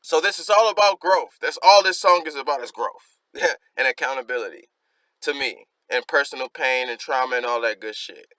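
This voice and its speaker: Bright-voiced man breaking down lyrics. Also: mid-range voice, no room sound, rough recording. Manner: reflective, explains lines slowly with casual slang. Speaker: music reaction host. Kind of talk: casual breakdown of song lyrics.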